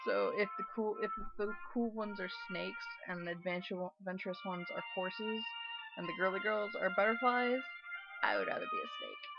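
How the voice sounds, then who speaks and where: Gravelly woman reading a game aloud. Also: medium pitch, normal speed. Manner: chatty, wry asides between read lines. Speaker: let's play gamer reading a visual novel aloud. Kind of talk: reading game text aloud with casual commentary. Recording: dull recording with game music.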